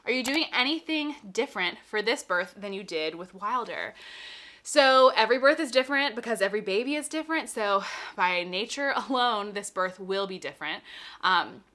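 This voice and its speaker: Breathless pregnant woman with bright voice. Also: medium pitch. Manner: explanatory and reassuring. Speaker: vlogger answering viewer questions. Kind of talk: casual Q&A.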